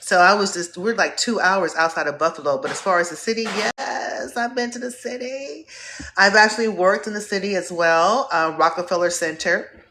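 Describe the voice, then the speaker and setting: A woman from Northeast Ohio hosting a live stream, warmly greeting viewers by name in an effusive, upbeat way. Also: medium pitch, moderate pace, a little hiss or hum. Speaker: host.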